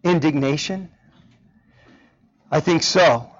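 A man's voice: on the high side, takes it slowly. A man preaching a sermon with emphasis, often asking the congregation rhetorical questions. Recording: dull lo-fi recording.

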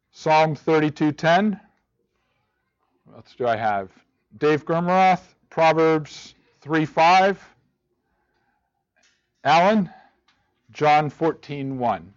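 A man leads a church Bible study for a room of listeners, posing rhetorical questions and frequently restarting his sentences. His voice is mid-range, and the recording sounds muffled.

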